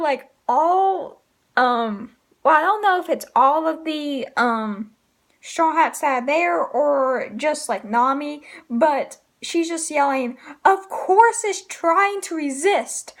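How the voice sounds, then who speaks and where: A woman with a high voice gives a casual spoken review of manga chapters. She talks slowly and rambles, full of ums and likes, and she laughs often.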